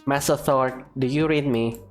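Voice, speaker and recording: A man reading the lines of a sarcastic, gloomy spaceship computer from a game, in a dry deadpan way. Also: medium pitch, normal speed, faint music behind, natural voice. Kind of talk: reading game dialogue aloud.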